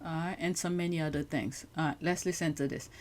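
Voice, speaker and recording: A woman's voice: low voice, steady tone, brisk, a little mellow, slight background noise. A woman hosting a commentary show, talking outspokenly and exclaiming in disbelief at clips. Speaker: show host.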